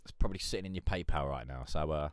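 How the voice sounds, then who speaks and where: A man's voice: very deep voice, quick pace, smooth. A man hosting a music review stream, rambling and joking in casual chat. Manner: rambling, joking, swears, laughs a lot.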